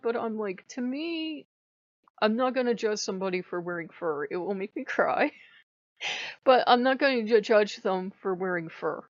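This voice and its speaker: A woman's voice: a little high, sing-song, moderate pace, dry recording. Woman rambling through a story for her vlog, lots of ums, kinda muffled dead dry audio. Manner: rambling, emotional storytelling with many fillers. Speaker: channel host. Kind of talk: casual personal vlog. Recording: dull lo-fi dry recording.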